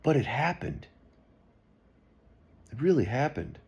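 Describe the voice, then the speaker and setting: A man's voice: mid-range voice, big pitch swings, takes it slowly, husky. A man talking straight to camera in an unscripted monologue, rambling and earnest with frequent restarts. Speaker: video blogger.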